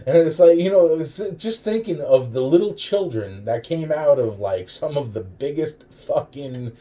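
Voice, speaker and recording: A man's voice: on the high side, expressive, unhurried, dark tone. A man in a rambling, profane monologue, swearing constantly and chuckling between phrases. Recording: distant mic with faint background noise.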